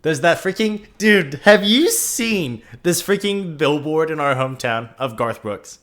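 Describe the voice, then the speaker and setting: A young man co-hosting a casual podcast, his voice bright and somewhat high. He jokes around, swings his pitch widely, and bursts into loud laughter. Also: a little slow. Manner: animated, joking, loud laughs. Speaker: podcast co-host. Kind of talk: casual chat.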